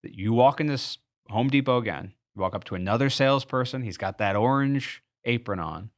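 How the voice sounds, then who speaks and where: A man's voice: medium pitch, fairly quick. A man giving a sales training talk, earnest and explanatory, walking the listener through an everyday store example. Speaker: sales coach.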